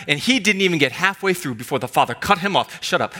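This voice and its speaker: Male pastor, high and bright, fervent sermon delivery with hushed drops. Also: very animated, moderate pace, hardly any pauses. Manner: swings from loud fervent preaching to hushed intimate delivery.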